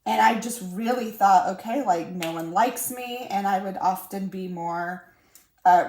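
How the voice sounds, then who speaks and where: A woman's voice: fairly low pitch, slight background noise. A woman in her thirties chatting casually about her week while crafting at home, full of fillers and little laughs. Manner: chatty, warm-hearted storytelling with laughs and fillers. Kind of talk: casual chat. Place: room at home. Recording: roomy echo.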